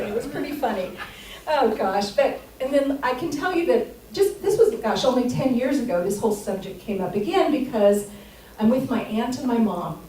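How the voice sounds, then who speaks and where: Stand-up, woman, 60s, high voice, chatty storyteller, echoey theater with audience. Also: darkish tone, far from the mic, slight background noise. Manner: chatty storytelling, laughs at own lines. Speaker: stand-up comic. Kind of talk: stand-up set.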